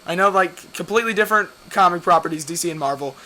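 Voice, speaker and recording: A man's voice: sits high, fast talker, bright, forceful tone. A young man hosting his own comic book video, talking casually and rambling, often losing his train of thought and correcting himself.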